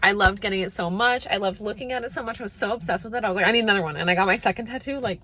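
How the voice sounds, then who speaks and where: A woman's voice: medium pitch, rapid-fire, pushed and bright. A young woman vlogging in a bubbly, rambling, casual way, with lots of fillers. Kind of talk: casual chat.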